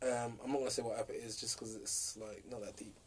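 A man's voice: medium pitch, steady tone, quick pace, slightly rough. A young man, co-hosting a casual podcast chat, teasing and laughing often. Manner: teasing, laughs a lot, slangy. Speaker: podcast co-host.

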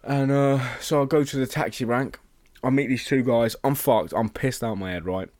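A man's voice: medium pitch, moderate pace, a little mellow, no room sound. A young man, a podcast co-host telling a rambling story in casual chat, swearing a lot and acting out voices.

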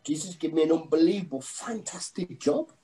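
Man, middle-aged, mellow dark voice, halting earnest testimony. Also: fairly high pitch, animated, poor audio. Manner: halting, earnest, many restarts. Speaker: guest sharing testimony. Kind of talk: emotional personal testimony.

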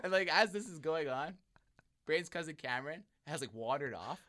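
A young man hosting a podcast tells a story casually, his voice on the high side and brisk. He's animated, acts out the voices of the people involved, and laughs often.

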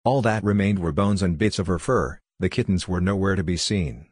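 A man narrating a first-person horror novel in a measured, grave way. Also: sits low, a little mellow, slightly rough, dry recording, studio quality. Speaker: audiobook narrator.

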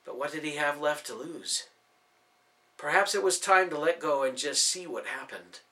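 A man reading a fantasy story aloud as scripted narration, with expressive storytelling. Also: fairly high pitch, moderate pace. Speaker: audiobook narrator.

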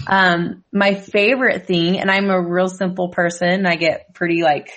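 A woman's voice: lowish voice, steady tone, normal speed, a bit bright. A woman from Idaho telling holiday stories in a casual family chat, laughing often and filling with um and like. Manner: giggly storyteller with many fillers. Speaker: family member chatting.

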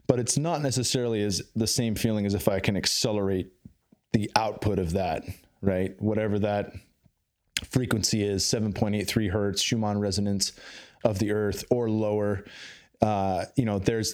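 A man from the Bay Area of California talks casually as a podcast guest, in a fairly low voice. He rambles, doubling back and filling gaps with filler words. His tone stays loose and conversational. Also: a little mellow.

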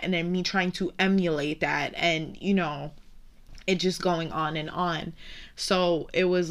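Tearful young woman, candid and low. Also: fairly bright tone. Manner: candid and emotional, swearing, fighting back tears. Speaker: podcast host. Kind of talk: emotional personal storytelling.

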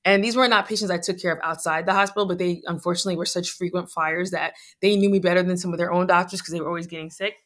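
A woman's voice: lowish voice, steady tone, rapid-fire, hardly any pauses, a bit bright. A middle-aged woman, a physician guest, talking in a chatty, joking, conversational way. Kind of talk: conversational interview.

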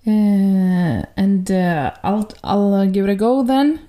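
A woman with a Norwegian accent co-hosts a casual podcast. She talks slowly with a warm, mellow tone. Her speech is halting, and she laughs often. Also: medium pitch. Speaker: podcast co-host. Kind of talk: casual chat.

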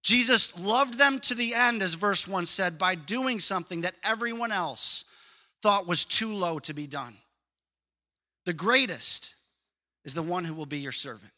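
Bright, high-voiced male preacher. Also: moderate pace. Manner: lively, emphatic, storytelling. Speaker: pastor. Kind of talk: sermon.

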